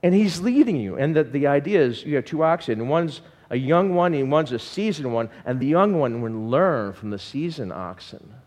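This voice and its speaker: A man preaching a sermon in an animated way and asking the congregation questions. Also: a little high, normal speed, hardly any pauses, in a large hall. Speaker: pastor.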